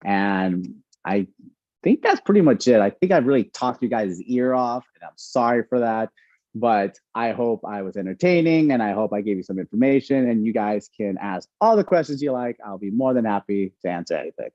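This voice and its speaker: Animated male speaker with a mellow tone, on slightly dull, dry audio. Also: fairly low pitch, normal speed, no room sound. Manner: animated, chatty, lots of fillers. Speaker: incoming resident physician giving a talk. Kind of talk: casual storytelling talk.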